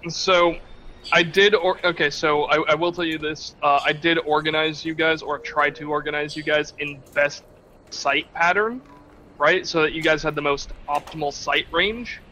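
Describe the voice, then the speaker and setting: Bright-voiced young game master. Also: male voice, a little high, steady tone, normal speed, slight background noise, poor audio. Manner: hesitant, restarts sentences while explaining. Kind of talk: narrating and ruling a tabletop game.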